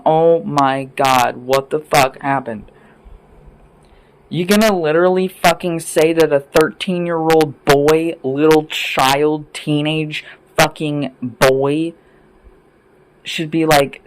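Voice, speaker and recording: A man's voice: a little high, low-quality recording. A man ranting to camera in an indoor room, heated, profane and emphatic, repeating his points. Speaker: vlogger.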